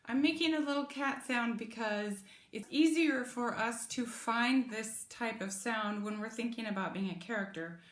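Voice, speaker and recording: A woman's voice: on the high side, normal speed, few pauses. A woman teaching a singing lesson, patiently explaining and demonstrating vocal sounds. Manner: patient, encouraging, demonstrates with sung vowels and cat meows. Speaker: choir voice teacher. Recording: echoey room with music in the background.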